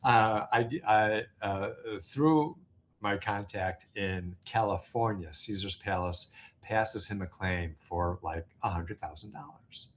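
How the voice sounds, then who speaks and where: A business founder appearing as an interview guest tells a casual anecdote in a fairly low voice. He's halting, with lots of fillers and restarts, yet stays animated, and a faint hum runs under the recording.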